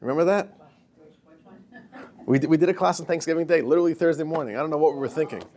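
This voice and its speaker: Joking rabbi with a raised voice. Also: male voice, fairly high pitch, fast talker, darkish tone. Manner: jokey, addresses listeners as dear friends. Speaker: rabbi teaching a class. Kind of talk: lecture with jokes.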